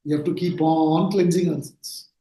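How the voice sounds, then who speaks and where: A man giving an earnest discourse on scripture, stressing his points with rhetorical questions. His voice sits fairly high for a man. It is caught in a room with a strong, ringing echo. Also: steady tone, moderate pace, mellow. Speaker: spiritual teacher. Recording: very echoey room.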